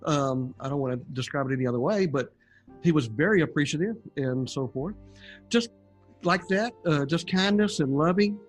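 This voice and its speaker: An older man recounts his experiences in an easygoing, folksy way, chuckling now and then. His voice sits a little high for a man. Soft music plays faintly underneath. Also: expressive, normal speed. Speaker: guest sharing near-death testimony. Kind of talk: casual storytelling interview.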